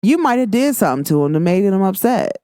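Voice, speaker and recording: A woman's voice: quick pace, no echo. Emphatic woman host, dry close sound. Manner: animated, emphatic, acts out quoted exchanges in a higher voice. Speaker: podcast host. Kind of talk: casual monologue.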